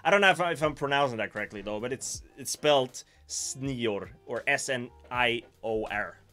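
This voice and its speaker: Bright-voiced Swedish man, chatty livestream host. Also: medium pitch, normal speed, faint music behind. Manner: musing, self-mocking, reads chat aloud. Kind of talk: casual livestream chat.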